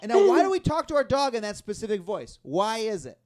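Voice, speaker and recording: Animated high-pitched male stand-up comic. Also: brisk, noisy background. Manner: animated, rambling, self-deprecating, laughing at own jokes. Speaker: stand-up comedian and show host. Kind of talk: live stand-up comedy set. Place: live comedy venue with audience.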